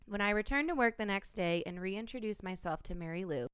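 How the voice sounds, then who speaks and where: A woman's voice: medium pitch, animated, a little fast, clean tone, dry recording. A woman hosting a casual podcast, reading a listener's story aloud and laughing often.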